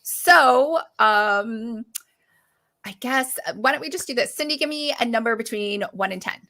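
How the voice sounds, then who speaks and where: A woman's voice: on the high side, measured pace, bright, forceful tone. A woman hosting a casual online book club chat, reading viewer comments aloud and laughing often.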